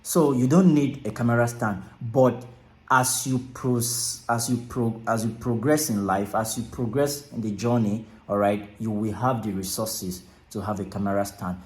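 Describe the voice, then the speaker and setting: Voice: medium pitch, steady tone, normal speed, a little mellow. A speaker with a Nigerian accent from Akwa Ibom, giving casual advice straight to camera. They repeat phrases, say "all right" often and slip into pidgin. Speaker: content creator. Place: small closed room indoors. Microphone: camera mic, no clip-on mic. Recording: echoey room, camera mic.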